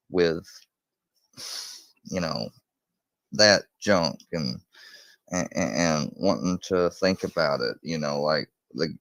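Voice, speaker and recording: A man's voice: deep voice, gravelly, no echo. A man telling a crime story in a casual, rambling way, swearing often and acting out quoted lines in a raised voice.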